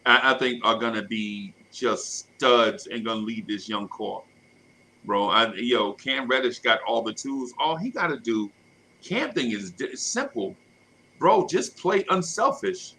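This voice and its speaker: Excited guy hosting fan podcast, bright voice, lots of repeats and slang, light noise behind. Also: medium pitch, unhurried, rough recording. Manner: hyped, repetitive, slangy. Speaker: podcast co-host. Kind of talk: casual sports fan chat.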